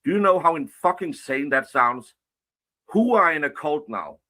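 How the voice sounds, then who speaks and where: A man rants angrily in a played clip, swearing and confronting his critics. His voice is bright and edgy, set a little high for a man. He talks at his critics head-on. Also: animated, normal speed. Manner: angry, profane and confrontational. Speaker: online commentator. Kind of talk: angry rant.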